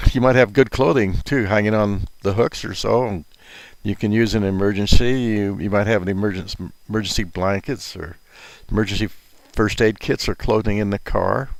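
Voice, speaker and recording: A man's voice: fairly low pitch, gravelly, no room sound. An older man telling a story and giving casual advice in a rambling, folksy way, chuckling at his own asides.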